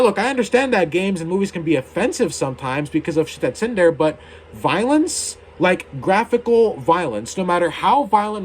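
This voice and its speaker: A man's voice: high voice, slight background noise. Heated young man ranting to camera. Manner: heated, indignant, swears casually. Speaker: YouTuber. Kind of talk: ranting opinion video.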